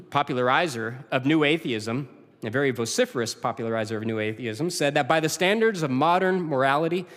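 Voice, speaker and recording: A man preaching in a church, his voice rising and falling with wide, lively swings of pitch. It sits a little above the usual male register, with phrase endings that sink low and quiet. A long church reverb trails behind every line. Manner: expressive preaching, dropping low and soft at phrase ends. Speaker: pastor. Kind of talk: sermon. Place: church sanctuary.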